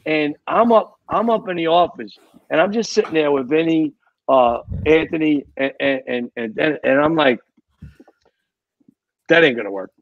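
Casting note: New man, retired fire captain, gravelly, rambling storyteller, dry lo-fi podcast sound. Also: on the high side, normal speed, dry recording. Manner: rambling, repeats words, tells war stories. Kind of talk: casual storytelling.

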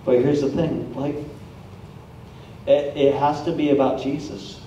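Male preacher, energetic storyteller, mellow tone, far off in a reverberant church hall. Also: medium pitch, unhurried, slight background noise. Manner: energetic, storytelling, acts out quoted people. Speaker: guest preacher. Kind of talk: sermon with personal stories. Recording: echoey hall, from far off, dull sound.

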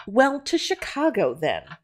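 A woman's voice: mid-range voice, wildly swooping pitch, unhurried, a little hiss or hum, pitched above the performer's own voice. A brash, ignorant customer woman from an old-fashioned audio drama, as a woman puts her on. She talks in curt, huffy bursts full of disbelief. Her voice rises and drops sharply from line to line.

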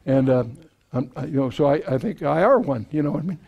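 Man, Bible teacher, slightly high voice, conversational, folksy asides, lots of fillers. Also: fast talker, creaky, lo-fi sound. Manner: conversational, with frequent fillers and restarts; folksy asides and self-deprecating humor. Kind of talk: verse-by-verse Bible teaching to a live audience.

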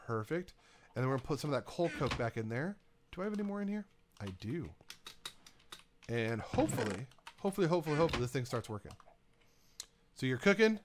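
A gaming YouTuber with a fairly high voice and big pitch swings talks fast but leaves long pauses, against a noisy background. He casually narrates his let's-play, chatting to himself and to the items he places.

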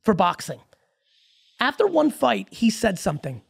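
Gravelly-voiced man ranting emphatically. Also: high voice, sing-song. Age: 40s. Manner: emphatic, profane, rapid-fire storytelling. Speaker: podcast guest. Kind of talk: casual podcast conversation.

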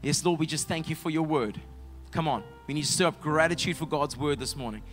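Pastor preaching a sermon. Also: male voice, fairly high pitch, fairly quick, soft background music. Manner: dynamic, swings from loud shouts to soft hushed tones. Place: church.

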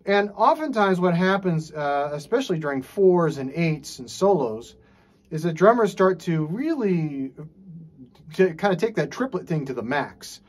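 A man teaching jazz drums in a relaxed, casual way, scat-singing rhythms and checking in with frequent "okay"s. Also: a little high, a little slow. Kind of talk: casual instructional talk. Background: drum playing.

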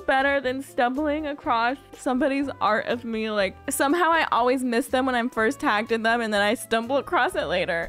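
A young woman hosting a let's play, chatting casually and gushing warmly at her viewers. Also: a little high, a little fast, hardly any pauses, faint music behind. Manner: bubbly, gushing, addresses viewers as y'all. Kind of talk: casual gameplay commentary.

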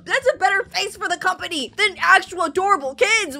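Excitable high-voiced woman reacting. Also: soft background music. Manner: excitable, gasping and crying out at twists; mocks characters in quick voiced asides. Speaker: reaction video host. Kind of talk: animation reaction commentary.

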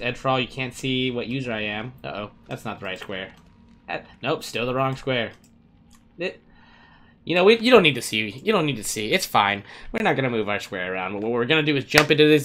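A man's voice: medium pitch, fairly bright tone. A man hosting a casual let's-play, joking and talking to the characters on screen as he plays. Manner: playful, jokey, talks to game characters. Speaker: gaming video host.

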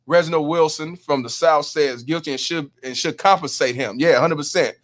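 A man's voice: on the high side, normal speed. A man hosting a casual livestream, reading viewer comments aloud and emphatically agreeing with them. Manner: emphatic, repeats "hundred percent", reads chat names. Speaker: livestream host.

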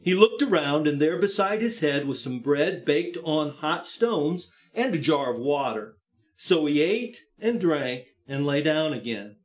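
A man with a high-pitched voice delivers a sermon in a church service. He reads scripture aloud and gives the speakers rising, emphatic voices. Later he leads an earnest prayer in a softer, lower tone. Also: sing-song, measured pace. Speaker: pastor. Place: church sanctuary, live-streamed service.

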